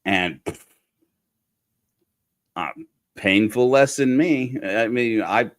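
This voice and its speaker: A man's voice: medium pitch, takes it slowly, long pauses. A middle-aged man hosting a godless sermon, talking in a rambling, self-correcting way with wry asides. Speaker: podcast host. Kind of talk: casual sermon-style commentary.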